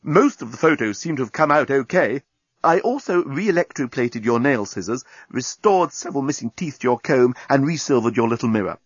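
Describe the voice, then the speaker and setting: A man voicing a gentle, adoring male alien corporal who speaks politely and unhurriedly, in a storybook reading. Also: mid-range voice, lively intonation, a little fast, slightly rough, no echo. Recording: dull lo-fi recording.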